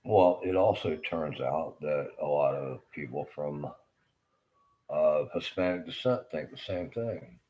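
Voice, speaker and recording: A middle-aged man with a Southern American accent, delivering a rambling monologue rant that is blunt and profane and full of halting fillers. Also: very deep voice, warm tone, rough recording. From Southern United States.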